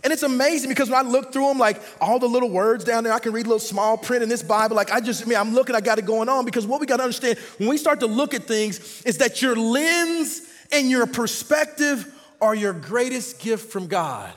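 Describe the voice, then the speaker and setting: A man in his forties preaching a sermon in a casual, repetitive way, swinging between loud outbursts and quiet passages. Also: very high-pitched, a little fast, in a large hall. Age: 40s. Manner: conversational, repetitive, dynamic shifts from loud to quiet. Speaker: pastor. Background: faint band music.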